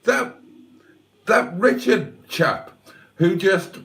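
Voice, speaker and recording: Guy chatting on his livestream, bit higher voice, all over the place pitch-wise, cheeky and theatrical, sounds a little back from the mic. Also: animated, drawn-out words, gravelly, a bit bright, distant mic. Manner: playful, wry and mock-theatrical. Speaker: livestream host reading chat. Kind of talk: casual chat.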